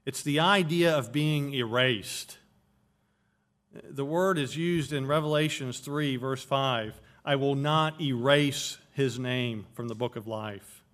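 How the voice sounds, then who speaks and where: A man's voice: mid-range voice, slow pace, fairly bright tone. A man preaching an expository sermon, explaining Greek words of a Bible verse and stressing key phrases. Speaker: pastor.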